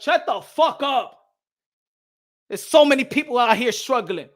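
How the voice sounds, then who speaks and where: A man with a high voice delivers a heated rant as a boxing channel host. He talks loud and mocking, swears freely and often breaks into shouting. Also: big pitch swings, measured pace. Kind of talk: heated ranting commentary.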